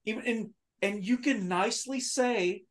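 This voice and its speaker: A man on a podcast panel, chatting casually in a measured, reasonable way. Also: high voice. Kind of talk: casual chat.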